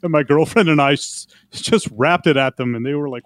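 A man co-hosting an entertainment podcast who tells stories in an animated, rambling way. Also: fairly high pitch, fairly quick, no echo. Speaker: podcast co-host. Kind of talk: casual entertainment chat.

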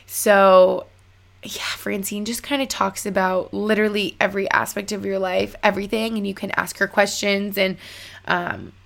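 A young woman vlogger tells a story to camera in a casual, chatty way, speaking at a normal speed in a mid-range voice with little pitch movement and vocal fry. She fills her speech with "like" and acts out bits of conversation.

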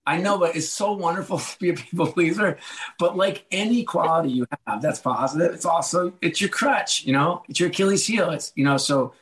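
A man's voice: on the high side, fairly quick, low-quality recording. A man being interviewed as an author and former executive, telling candid, self-mocking stories with lots of quoted back-and-forth. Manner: candid, self-deprecating, animated storytelling with quoted dialogue. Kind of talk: conversational podcast interview.

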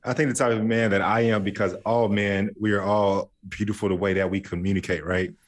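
A man's voice: on the low side, little pitch movement, brisk. A man co-hosting a casual chat, playful and jokey, laughing as he imitates his friends. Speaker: podcast co-host.

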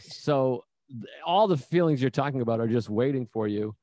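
A man talking candidly in a casual chat, animated and often swearing. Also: medium pitch, normal speed, no echo. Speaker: comedian.

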